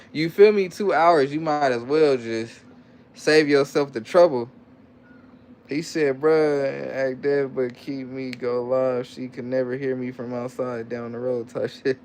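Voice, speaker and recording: Taking it slowly, a medium-pitched man with a darkish tone hosts a relaxed livestream against a little hiss or hum. He reads viewer comments aloud, repeats himself in casual slang, and is coaxing and playful with his child.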